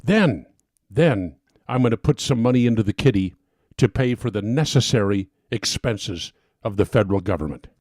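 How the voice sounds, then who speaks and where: A man's voice: on the low side, animated, normal speed, a little mellow, dry recording. Worked-up guy ranting on his own show, punchy stresses, dry close mic. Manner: emphatic, building to fired-up bursts. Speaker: talk radio host. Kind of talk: impassioned monologue. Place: home studio.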